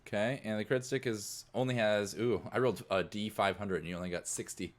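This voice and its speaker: Brief: man as game master, low voice, loose, rambling narration. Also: steady tone, fairly quick. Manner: loose, rambling storytelling full of "like".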